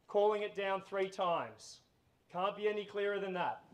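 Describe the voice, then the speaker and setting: High-voiced Australian auctioneer man. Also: animated, moderate pace. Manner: chatty, patter between firm calls. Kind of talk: live auction calling. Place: outdoors at a house auction.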